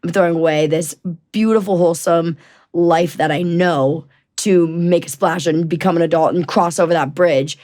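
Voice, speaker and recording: A woman in her twenties, guesting on a podcast, tells stories animatedly in a casual storytelling interview, often restarting and acting out what people said. Her voice is on the low side and darkish, with fairly even intonation at normal speed.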